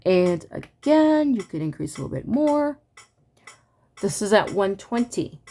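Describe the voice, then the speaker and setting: A woman teaching a music braille lesson in a relaxed, casual way, hesitant with many fillers and laughing at her own slips, reciting note names and dot numbers to a metronome. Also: mid-range voice, unhurried. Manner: recites counts in time with a metronome.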